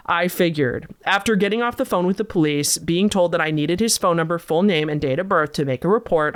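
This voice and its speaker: A woman host reading viewer-submitted scary stories aloud and breaking in with disgusted, sarcastic asides. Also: low voice. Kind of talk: storytelling reading with reactions.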